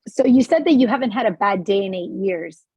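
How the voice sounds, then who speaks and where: Breathy female interviewer on dry audio. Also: medium pitch, lively intonation, fairly quick, darkish tone, no room sound, dull audio. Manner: polite, inquisitive questioner. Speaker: host. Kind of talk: interview conversation.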